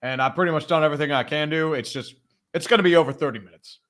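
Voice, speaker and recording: A man's voice: on the high side, very fast, fairly bright tone. A man co-hosting a casual podcast, rambling and hedging, with plenty of swearing. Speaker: podcast co-host. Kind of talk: casual chat.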